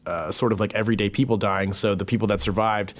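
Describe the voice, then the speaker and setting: A man talking as a podcast guest, thoughtful and hesitant with many pauses and fillers. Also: fairly low pitch, steady tone. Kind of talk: casual conversation.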